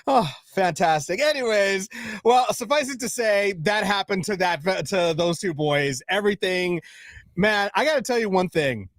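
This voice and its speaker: An excitable male podcast host chats on a livestream, his high voice swinging widely as he vents in an exasperated way. The recording is dry and close. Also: moderate pace, no echo. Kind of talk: casual livestream chat.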